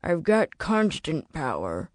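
A man's voice: on the high side, wildly swooping pitch, takes it slowly, dry recording, full character voice. A woman voicing a tired, fussy man who tinkers with radios, explaining himself in a dry, defensive way. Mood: weary.

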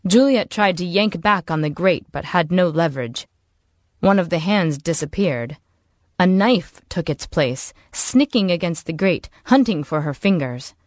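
A woman narrating a novel in a measured, even storytelling voice. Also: lowish voice, no room sound, clean studio sound. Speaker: audiobook narrator. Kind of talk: scripted narration.

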